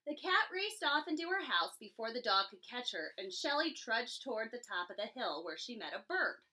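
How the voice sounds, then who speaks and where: A woman reading a children's picture book aloud, giving each animal its own expressive voice. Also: a little high, moderate pace. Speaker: storybook reader. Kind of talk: children's story read-aloud.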